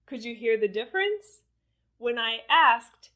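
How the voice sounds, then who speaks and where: A woman teaching English pronunciation in a scripted lesson, speaking deliberately and exaggerating her intonation in the examples. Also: fairly high pitch, big pitch swings, sharp tone, dull audio.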